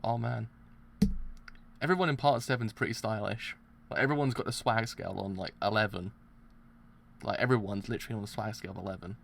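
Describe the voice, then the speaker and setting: A man streaming live reaction commentary, excitable, groaning and repeating himself as he talks. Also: lowish voice, brisk, gravelly, pauses often, a little hiss or hum.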